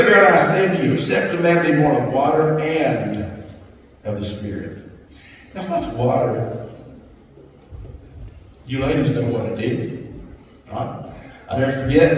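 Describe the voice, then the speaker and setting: A middle-aged man preaching a sermon as pastor, talking conversationally with soft asides and raised emphasis, in a church sanctuary. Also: a little high, a little hiss or hum. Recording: distant echoey church hall, dull and lo-fi.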